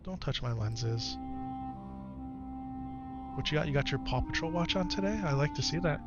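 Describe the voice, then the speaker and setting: A man streaming live who talks softly and coaxingly with his young son, then reads and answers his chat in casual talk. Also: on the high side, animated, moderate pace, muffled recording. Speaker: streamer and father. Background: game music.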